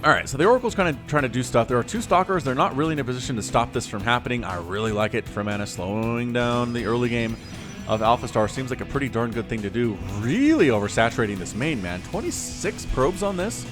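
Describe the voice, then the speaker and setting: A man giving lively solo play-by-play commentary on a strategy game match, quick and playful, with laughs and sound effects. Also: medium pitch, over music. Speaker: game caster.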